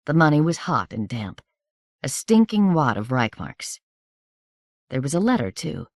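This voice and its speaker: A woman narrating a novel in a measured, steady reading voice. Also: sits low, no echo, studio quality. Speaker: audiobook narrator.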